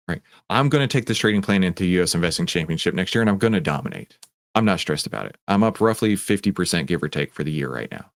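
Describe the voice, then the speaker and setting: A man hosting a live trading Q&A stream, talking in an animated, rambling, self-mocking way. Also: deep voice, no room sound, clean studio sound. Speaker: trading coach and stream host.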